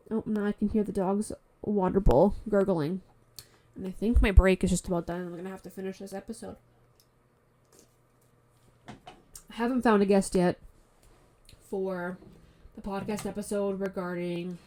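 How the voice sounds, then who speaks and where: A woman's voice: medium pitch, mellow. A Canadian woman hosting a casual solo podcast on her phone, tired and stuffy-nosed, rambling frankly and swearing often. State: stuffy nose. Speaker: podcast host. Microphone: phone mic.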